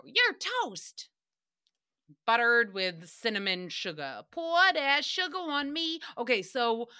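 A woman's voice: mid-range voice, sharp tone. A young woman hosting a podcast, ranting in a casual, profane and gossipy way. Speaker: podcast host. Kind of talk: casual recap rant.

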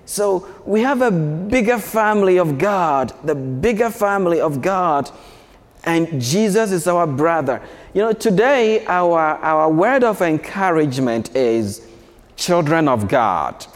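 A priest speaks to schoolchildren in a large church, his voice carried by a long reverb. He talks slowly and gently, with a lively, swinging pitch, and leads the children in call-and-response. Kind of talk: homily to schoolchildren.

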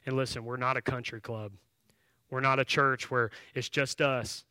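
A man's voice: medium pitch, fairly even intonation, normal speed, pushed and bright, smooth, no echo. A man preaching a sermon, telling a story in a conversational way and then making direct, emphatic appeals to the congregation. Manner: conversational, with filler words and restarts while telling a story. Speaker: pastor.

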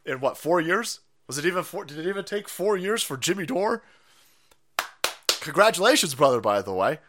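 A man with a somewhat high voice hosts a stream at a moderate pace, ranting in a foul-mouthed, mocking, sarcastic way. He's animated throughout.

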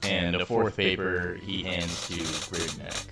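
Deep voiced game master, slow and low key. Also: male voice, flat delivery, music in the background. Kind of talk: narrating a tabletop game.

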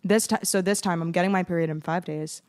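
Animated woman telling stories casually. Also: lowish voice, fast talker. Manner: animated storytelling, acts out quoted voices. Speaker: podcast co-host. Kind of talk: casual chat.

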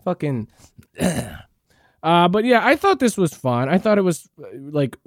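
A high, animated man rants and swears as a podcast host. His talk is sarcastic and rambling, full of restarts. The sound is dry and close-miked. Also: unhurried, no echo. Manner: frequent restarts and fillers. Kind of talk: ranting commentary.

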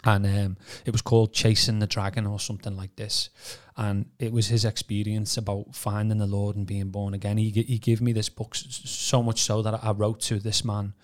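Guy on a podcast, lowish voice, rambles a lot with restarts and "you know"s. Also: little pitch movement, normal speed, hardly any pauses. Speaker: podcast co-host. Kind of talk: casual personal testimony.

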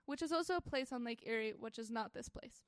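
A young woman co-hosting a podcast, chatting casually in an animated, joking way. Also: fairly high pitch, fast talker, no room sound, studio quality. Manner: animated, joking, breaks into mock voices. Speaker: podcast co-host. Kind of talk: casual chat.

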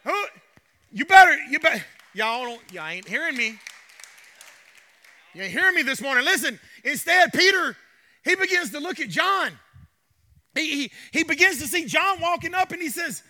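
A man's voice: very high voice, lively intonation, normal speed, long pauses, pushed and bright. A man preaching a sermon in a church, emphatic and fiery, with joking asides. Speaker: pastor. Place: church sanctuary. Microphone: handheld mic with trouble.

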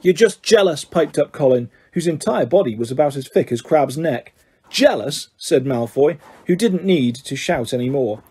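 Male audiobook reader; steady narration with slips; husky, mellow tone. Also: mid-range voice, normal speed, hardly any pauses. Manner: steady reading with small slips and restarts. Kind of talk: storybook narration.

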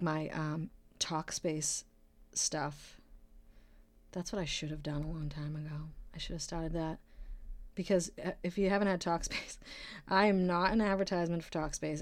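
A woman's voice: lowish voice, a little mellow, no room sound. A woman from Massachusetts, around her thirties, hosting a casual solo podcast and rambling with jokes and profanity. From Brockton, Massachusetts, USA. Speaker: podcast host; nurse.

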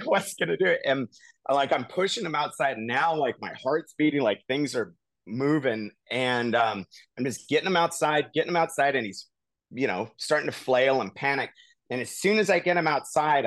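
A man co-hosting a podcast, telling a long personal story in a casual, animated way full of "like" and "you know.". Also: mid-range voice, dry recording. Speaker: podcast co-host.

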